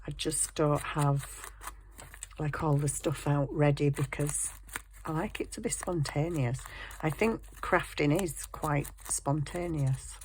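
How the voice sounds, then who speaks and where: A woman's voice: low voice, steady tone, slow, a little mellow, slight background noise. A woman chatting casually and rambling cheerfully about her craft project at her home desk. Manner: rambling, self-deprecating, chatty. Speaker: craft vlogger.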